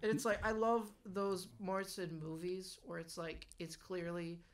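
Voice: medium pitch, level tone, measured pace. A podcast co-host chatting loosely and rambling a little while asking questions. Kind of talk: casual podcast chat.

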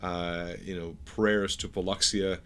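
A man narrating a tabletop game as game master, describing scenes in a halting way with many fillers. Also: low voice, level tone, a bit bright, smooth.

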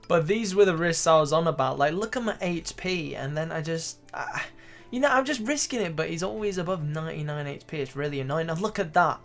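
A young man giving excitable, profanity-laced commentary over his own gameplay clips. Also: a little high. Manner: excitable, swears freely, loud exclamations. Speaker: gaming YouTuber. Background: faint background music.

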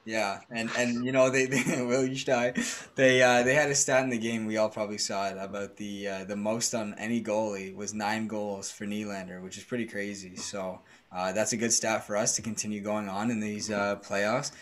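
Soft, halting low-voiced man. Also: flat delivery. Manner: halting, soft-spoken, many restarts. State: tired. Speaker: podcast co-host. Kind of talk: casual hockey podcast chat.

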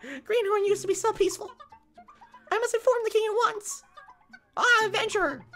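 A piercingly high, synthetic-sounding game villager, voiced by a speech engine in a woman's register, calm and earnest. The lines come out even and solemn, bright and sharp in tone, lilting up and down. Faint game music plays underneath. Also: moderate pace. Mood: worried. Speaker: game character. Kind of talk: video game dialogue.

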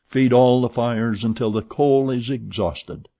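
A man voicing a calm, imperturbable gentleman who speaks in a cool, clipped, composed way. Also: mid-range voice, measured pace, no echo.

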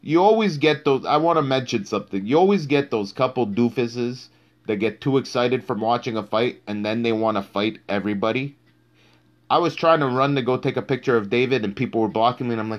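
A man's voice: medium pitch, a little fast, lo-fi sound. A man hosting a live-streamed boxing talk show, speaking bluntly and cursing heavily for emphasis. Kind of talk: live-streamed casual commentary.

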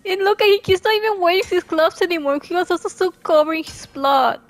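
A woman's voice: very high voice, brisk. A woman streaming a video game, reacting in an emotional, gushing way, swearing and laughing a lot. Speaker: gameplay streamer. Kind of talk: live gameplay reaction.

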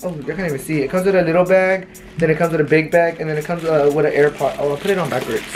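Racing along at a medium pitch, a young adult vlogger shows off a shopping haul at home and spins rambling, animated stories. The casual chat has faint music in the background.

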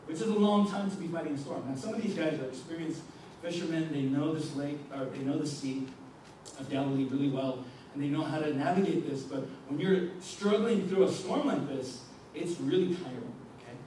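A man's voice: a little high, fairly quick, warm tone, slight background noise. A young man preaching to a youth group, reading scripture aloud and explaining it in a conversational way, often checking in with "okay?" and "right?". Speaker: youth pastor. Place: youth ministry meeting room. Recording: echoey room from far off.

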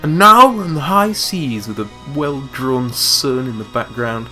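A man's voice: mid-range voice, expressive, measured pace, bright, forceful tone, soft background music. A man giving chatty, joking commentary over a video game. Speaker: let's play commentator.

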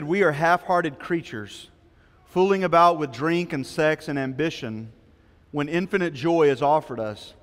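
A man preaching a sermon as pastor, telling a story with quoted voices before an earnest appeal. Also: on the high side. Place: church sanctuary. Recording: long hall reverb.

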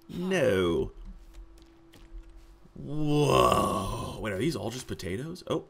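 Young male gaming commentator; excitable, jokey, bright voice, lively pitch. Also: slow, gravelly. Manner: excitable and jokey, swears when surprised. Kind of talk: casual let's-play commentary.

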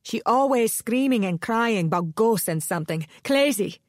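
A woman's voice: on the low side, a little slow, fairly bright tone, dry recording, studio quality. A woman voicing a disgusted older neighbor woman who speaks in blunt, clipped broken English. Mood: scornful. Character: disgusted old neighbor woman, curt and scornful.

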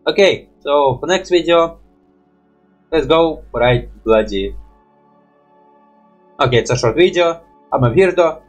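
Husky man rambling in a reaction video. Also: a little high, slow, pauses often, soft background music. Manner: rambling, thinking aloud, swears casually. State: slightly stuffy nose. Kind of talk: casual reaction commentary.

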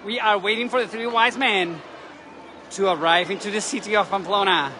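A man, excitedly narrating a live vlog from a city balcony outdoors. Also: high-pitched, moderate pace. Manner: gushing, excitable, chatty. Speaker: travel vlogger. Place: city balcony outdoors over a parade street. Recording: loud crowd and street noise outdoors. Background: crowd cheering, church bells.

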